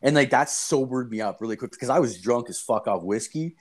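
A man's voice: mid-range voice, brisk. Profane young man telling a wild story. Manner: rambling, profane, animated retelling with quoted voices. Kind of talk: casual storytelling chat.

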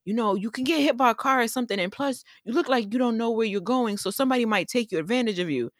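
A woman voicing an overly helpful southern man in a pickup truck, who talks eagerly, insistently and fast. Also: on the high side, no room sound, clean studio sound, pitched above the performer's own voice, close to an everyday voice. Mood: pushy concern.

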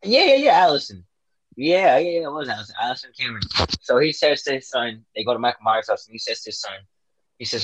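A man's voice: mid-range voice, brisk, no echo, low-quality recording. A man in casual chat, animatedly retelling a horror movie, swearing a lot and acting out the characters' lines. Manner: profane, animated, acts out quotes.

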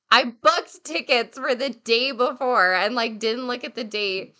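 Young woman, bright clear tone, lively anecdote-teller in casual podcast chat. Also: fairly high pitch, moderate pace, hardly any pauses. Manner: animated storyteller, acts out quotes, many fillers. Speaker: podcast co-host telling a travel story.

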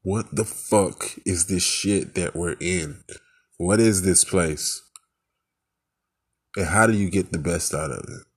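Low-voiced guy ranting, slow and fed up, cussing a lot. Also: slightly rough. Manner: angry, profane, venting; rambling with rhetorical questions. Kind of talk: frustrated personal rant.

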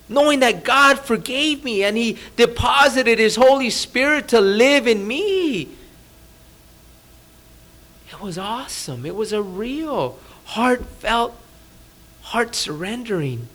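A man preaching a sermon as a pastor, talking conversationally, asking the audience rhetorical questions and dropping to a hushed voice for emphasis. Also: extremely high pitch, lively intonation, slow. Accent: Californian. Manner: drops to a soft, hushed voice for emphasis. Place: church.

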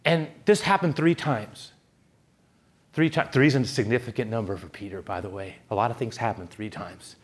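A man pastor delivering a sermon, telling a story with animated re-enactments. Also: mid-range voice, moderate pace. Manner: animated storytelling, acting out scenes.

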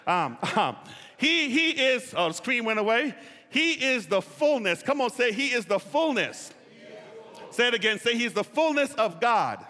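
A man's voice: very high-pitched, sing-song, moderate pace, bright, forceful tone. A man preaching a sermon in a church, leading call-and-response by having listeners repeat phrases after him. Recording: long reverb of a large hall.

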